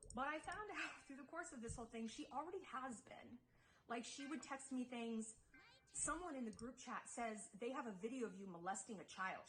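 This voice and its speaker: A woman's voice: high-pitched, fairly bright tone, a little hiss or hum, rough recording. A young woman telling a personal story to her viewers in a chatty vlog style, full of fillers and quoted dialogue. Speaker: YouTuber.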